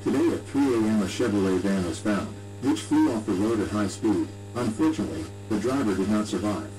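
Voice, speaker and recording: Deep humming radio news guy, flat and formal, as a woman puts him on. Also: a little fast, very noisy. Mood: solemn.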